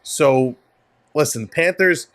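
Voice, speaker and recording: A Canadian man gives live hockey play-by-play on his stream, upbeat and chatty, thanking viewers by name between plays. His voice sits a little high for a man and sounds dry and close, with no room around it. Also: takes it slowly, a bit bright, dry recording. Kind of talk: play-by-play commentary mixed with chat replies.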